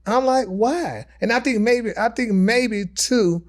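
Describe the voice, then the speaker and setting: A man's voice: very high-pitched, a little slow. A middle-aged man, a podcast guest, chatting casually in a candid, sassy and emphatic way. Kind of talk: casual chat.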